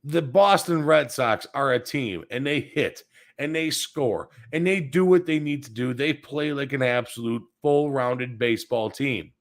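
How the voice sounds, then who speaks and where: A man's voice: on the high side, a bit bright. A man hosting a sports show, ranting bluntly and crudely with plenty of cursing, smoking as he talks. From Chicago area. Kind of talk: profane sports rant. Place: home studio, smoking while talking.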